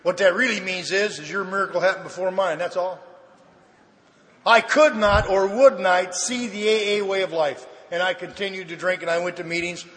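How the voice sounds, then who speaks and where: A middle-aged man sharing his story with a live audience at a recovery meeting, a folksy comic storyteller with dry deadpan asides. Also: sits high, moderate pace. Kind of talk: humorous personal testimony to an audience. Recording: reverberant hall, faint background noise.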